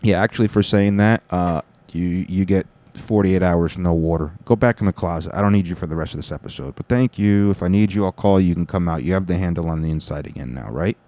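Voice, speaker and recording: A man's voice: sits low, fast talker, hardly any pauses, dark tone, no echo. A man hosting a podcast in casual, rambling, profane chat full of jokes. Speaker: podcast host.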